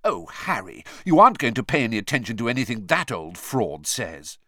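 A man's voice: mid-range voice, sing-song, pushed and bright, dry recording, studio quality, pitched above the performer's own voice, exaggerated voice. Hermione, a man voicing a bossy clever girl. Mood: scornful. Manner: brisk, reasoning.

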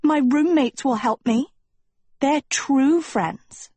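A woman's voice: high voice, takes it slowly, a little mellow, dry recording, voice pushed up. A woman voicing a pampered, vain young girl who whines and insists in a sing-song way. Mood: petulant. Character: high-pitched pampered vain girl, petulant.

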